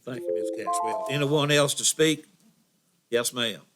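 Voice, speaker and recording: A man's voice: medium pitch, a little slow, loud music behind the voice. A man chairing a county board meeting, formal and procedural as he calls on speakers.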